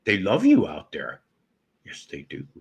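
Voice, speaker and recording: A man's voice: sits low, wildly swooping pitch, a little slow, gravelly, darkish tone, slightly rough. A man hosting a casual live stream, rambling and joking with viewers with crude humor. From northern United States.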